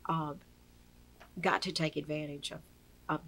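A woman's voice: deep voice, level tone, a little slow, a bit bright, slight background noise, rough recording. A woman interviewing a guest, asking questions and giving short encouraging replies. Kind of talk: interview questions and brief responses.

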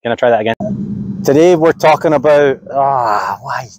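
A man's voice: medium pitch, moderate pace, darkish tone, no room sound. Sex: man. Role: golf instructor. Style: flubbed on-camera takes, jokey and restarting. Sound: dry, close. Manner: jokey, stumbles over lines and restarts.

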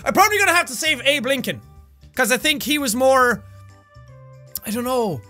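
A young man with an Irish accent, talking straight to his audience as a gaming YouTuber in an energetic, rambling way, breaking into bursts of yelling. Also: extremely high pitch, normal speed, soft background music. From Ireland. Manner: animated, loud bursts of yelling, rambling asides. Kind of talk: energetic casual commentary to camera.

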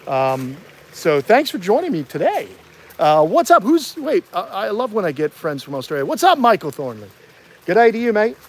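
A man with a New York accent, chatting on a live stream in a fairly high voice. He talks in an excitable, rambling way. His voice carries a roomy echo. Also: normal speed. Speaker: host of a reptile channel. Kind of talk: casual live stream chat.

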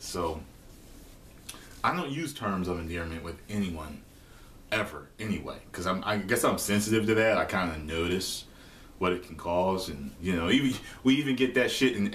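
A man's voice: lowish voice, fairly bright tone, reverberant, a little hiss or hum. A young man in a casual vlog, retelling stories with lots of swearing and quoted voices. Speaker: vlogger. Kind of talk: casual storytelling monologue.

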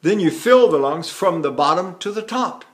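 An older voice teacher from the United States talks through singing technique in a high, bright voice. He rambles and restarts, now and then breaking into sung vowels to show what he means. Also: expressive, moderate pace. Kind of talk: vocal lesson with sung demonstrations.

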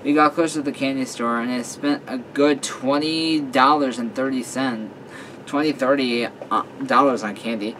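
A man casually reading his own fan story aloud, halting with fillers and self-corrections. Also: mid-range voice, steady tone, a bit bright, slight background noise, poor audio. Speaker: story reader.

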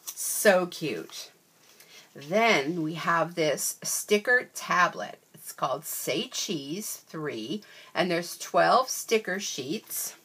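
A woman's voice: on the low side, expressive, extremely slow, a bit bright, breathy edge. An older woman and grandmother chatting casually as she unboxes craft stickers, gushing and exclaiming with gasps and little oohs. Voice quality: wears bifocals. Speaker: crafting vlogger.

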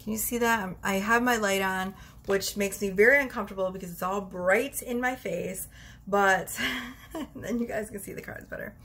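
A woman tarot reader talking casually to the camera from her bedroom, chatty and quick to laugh as she pulls cards. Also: medium pitch, fairly bright tone, breathy edge. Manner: chatty, laughs often, talks straight to viewers. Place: bedroom at home.

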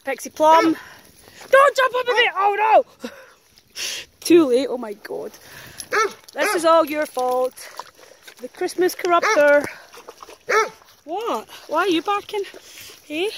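Out in the muddy countryside, a woman who walks dogs for a living films herself chatting to the dogs, teasing them and exclaiming. Her extremely high voice has lively intonation, and she speaks slowly with long pauses. Barking fills the outdoor background.

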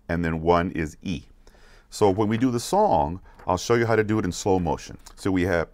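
A man teaching children a counting song, going slowly and repeating each word so they can follow. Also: sits low, animated, no echo. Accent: American. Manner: repeats words slowly, asks questions to check along. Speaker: music teacher. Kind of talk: slow, patient lesson for kids.

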